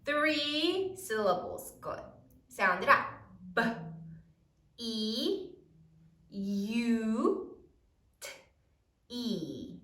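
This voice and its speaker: A woman teacher gives a spelling lesson in a lively, high voice, slowly dictating and drawing out words as she carefully sounds them out. She's a bit far from the mic, which sits at a distance in an echoey room.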